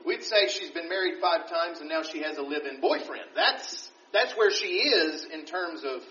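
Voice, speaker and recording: A man's voice: fairly high pitch, animated, moderate pace, bright, forceful tone. A man teaching the Bible verse by verse, reading scripture aloud and then explaining it conversationally. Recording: dull, roomy recording from a distance.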